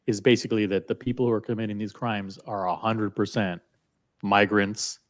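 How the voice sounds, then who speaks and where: A low-pitched man speaking in a measured, wry way as a co-host. His delivery stays calm and even. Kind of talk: casual panel chat.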